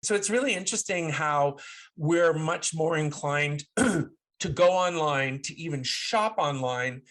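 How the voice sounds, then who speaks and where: A man co-hosting a casual podcast, talking in an animated, playful way and thinking out loud with frequent restarts. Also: a little high, a little slow. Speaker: podcast co-host.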